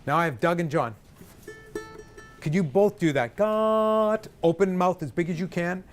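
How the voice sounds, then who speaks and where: A male vocal coach leading a live group singing workshop, energetic and directive, joking with the singers. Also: high-pitched, measured pace, soft background music.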